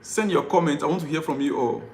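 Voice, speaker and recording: A man's voice: fairly high pitch, fast talker, reverberant, a little hiss or hum. A man live-streaming as a football fan vlogger, ranting and pleading, repeating himself in exasperation.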